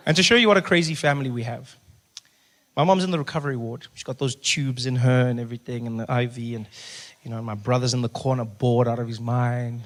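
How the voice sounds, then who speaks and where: A male stand-up comedian telling a family story on stage, animated and loud, repeating words for effect. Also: mid-range voice.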